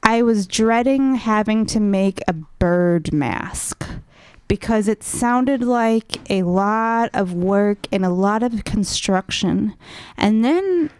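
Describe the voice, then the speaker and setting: A woman radio host answering questions in casual chat, animated and rambling with ums. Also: mid-range voice, slow pace, clean tone, dry recording.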